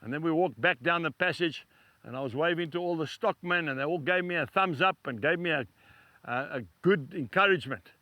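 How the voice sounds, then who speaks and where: A man's voice: on the high side, brisk, pushed and bright, no room sound. A man preaching a devotional sermon to camera outdoors beside cattle stalls, emphatic and repetitive, weaving in a personal story.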